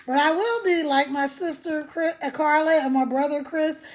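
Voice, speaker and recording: High-voiced chatty woman on a phone livestream. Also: normal speed, over a noisy crowd, very noisy. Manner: chatty and animated, laughs often. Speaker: online business promoter. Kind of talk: casual live-stream chat.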